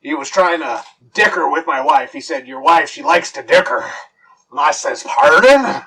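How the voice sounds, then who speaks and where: A man voicing a big, boastful lumberjack legend who brags loudly about old fights. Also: a little high, animated, normal speed, slightly rough, far from the mic, full character voice. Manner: loud bragging storyteller.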